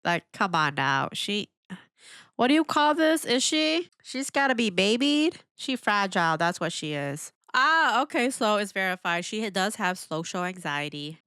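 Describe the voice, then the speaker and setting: A woman hosting a reaction video in casual commentary, animated and exclamatory, laughing often and asking lots of questions. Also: mid-range voice, measured pace, clear, resonant tone, no room sound, clean studio sound. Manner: asks rhetorical questions.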